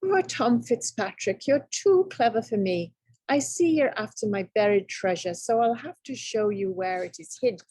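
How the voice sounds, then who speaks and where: A woman voicing a sly, tiny old male leprechaun shoemaker in a read-aloud storybook, sharp and whining. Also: on the high side, animated, normal speed, husky, dry recording. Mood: wheedling.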